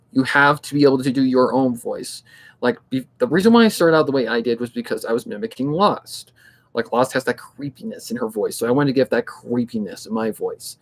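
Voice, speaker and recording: A man chatting casually as a hobby narrator, rambling, blunt and swearing freely, giving pep-talk advice and repeating himself. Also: medium pitch. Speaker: fan audiobook narrator.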